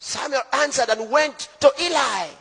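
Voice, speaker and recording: A preaching man with a high, husky voice. He delivers the sermon emphatically, rising to shouts and then dropping to low, hushed lines. His voice rings with the long reverb of a big hall. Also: big pitch swings, moderate pace. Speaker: pastor.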